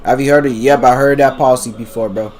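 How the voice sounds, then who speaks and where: A man's voice: medium pitch, steady tone, fast, a little mellow. A man livestreaming in casual chatter to his chat, chanting one word over and over in a rhythmic loop between remarks.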